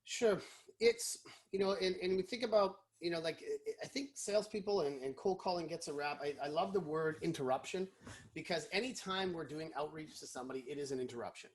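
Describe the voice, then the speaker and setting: A man, a guest in a casual interview, explaining sales calls and acting out quick snippets of phone chats. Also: a little high. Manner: animated, acts out phone calls.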